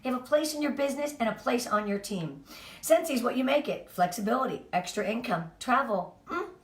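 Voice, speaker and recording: Upbeat high-voiced woman giving a pep talk. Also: animated, a little fast. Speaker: direct sales team leader. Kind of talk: motivational team training talk. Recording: roomy, from a distance.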